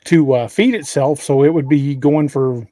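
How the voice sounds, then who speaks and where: A man co-hosting a podcast, making slow, drawling remarks in casual chat. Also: a little high, warm tone, no room sound. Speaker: podcast co-host.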